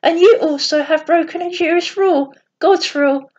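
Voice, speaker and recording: A woman's voice: very high-pitched, normal speed, a little mellow. A woman voicing a stern, pompous man who snaps and scolds children. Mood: scolding. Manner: snappish, scolding. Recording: dull lo-fi recording.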